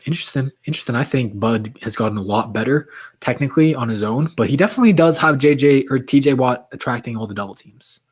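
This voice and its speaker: A man's voice: mid-range voice, quick pace, breathy edge. A man hosting a late-night livestream, chatting casually with viewers and reading their comments aloud while his voice is getting worn. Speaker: livestream host.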